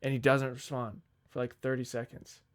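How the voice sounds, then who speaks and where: A man's voice: mid-range voice, flat delivery, moderate pace, smooth. A young man on a podcast telling a long, rambling work story in casual chat, swearing freely and quoting the people in it. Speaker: podcast co-host.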